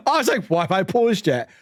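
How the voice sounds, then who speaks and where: Excitable British man streaming a game. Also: sits high. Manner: excitable, laughing, loud yelps and swearing. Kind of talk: live game streaming chat.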